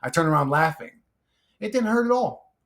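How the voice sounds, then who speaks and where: A man's voice: on the high side, lively intonation, normal speed, fairly bright tone. A man chatting casually on his own channel, blunt and profane, rambling with restarts as he answers viewer comments. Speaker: YouTuber reading comment replies. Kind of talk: casual monologue.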